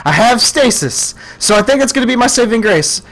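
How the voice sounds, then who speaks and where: A young man playing a horror game, yelping and shouting in panic between calmer running commentary. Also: very high-pitched, brisk. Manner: screams and yelps in panic, then talks calmly. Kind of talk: let's play commentary.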